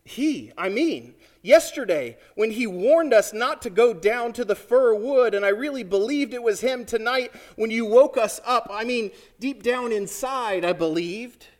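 A man's voice: very high-pitched, lively intonation, unhurried, hardly any pauses, voice pushed up. A man voicing an ashamed, earnest young girl as he reads a storybook aloud, his voice lifting as the lines tumble out. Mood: remorseful. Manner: tumbling, pleading storybook reading.

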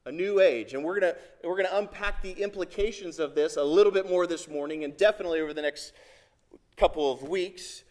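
A man preaching from the pulpit, his voice sitting higher than most men's. He is earnest and emphatic and leans on repeated phrases to drive each point home. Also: fairly quick, darkish tone. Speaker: pastor. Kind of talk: sermon.

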